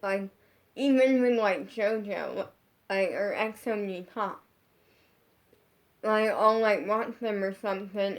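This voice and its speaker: Woman vlogger, chatty bedroom storytime, rambly and filler-heavy, average pitch. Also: slow, long pauses. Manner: rambling, heavy use of 'like', frequent restarts. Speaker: social media creator. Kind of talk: casual storytime vlog. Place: her bedroom.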